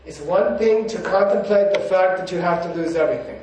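High-voiced monk in an echoey room. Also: male voice, fairly quick, a little mellow, slight background noise. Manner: rambling and conversational, many "you know"s. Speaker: monk giving a teaching. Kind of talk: casual spiritual talk with personal stories. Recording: very echoey room, mic far off.

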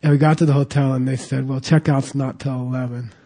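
A man's voice: medium pitch, level tone, a little fast, dark tone. A man telling a rambling travel story in a casual talk, full of fillers and acted-out quotes. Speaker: teacher recounting travels.

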